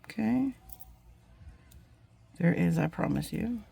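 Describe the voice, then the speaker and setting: A woman's voice: fairly high pitch, wildly swooping pitch, slow, creaky, dark tone, slightly rough. A woman chatting casually while demonstrating a jewelry craft, rambling and getting sidetracked in a friendly way. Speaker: jewelry-making YouTuber. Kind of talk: casual crafting tutorial chat.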